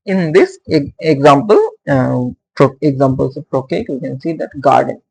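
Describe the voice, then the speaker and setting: A man teaching poetry meter in a lecture, speaking haltingly with many fillers and frequent "okay" checks, and sounding out stress patterns aloud. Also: medium pitch, vocal fry, breathy edge, poor audio. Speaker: literature teacher. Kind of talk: explanatory lecture.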